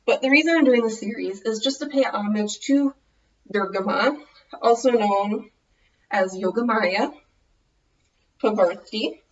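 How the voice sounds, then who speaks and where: A woman's voice: medium pitch, measured pace, pauses often, muffled recording. A woman with a Minnesotan American accent, chatting casually through a clothing tutorial, rambling and correcting herself as she goes. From United States. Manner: rambling, loses her thread, self-correcting. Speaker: vlogger.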